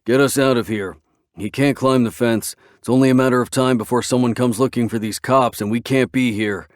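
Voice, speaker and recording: A man voicing a commanding male biker club president in an audiobook, curt and gruff. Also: mid-range voice, fairly even intonation, fairly quick, no echo, voice pushed up, lightly acted.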